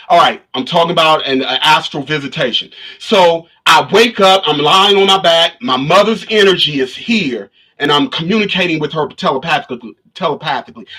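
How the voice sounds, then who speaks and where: Here a man with a fairly high, husky voice, pushed and bright, tells his livestream viewers a casual story. He's a spiritual vlogger who rambles, restarts, and repeats himself often, recorded on his livestream camera.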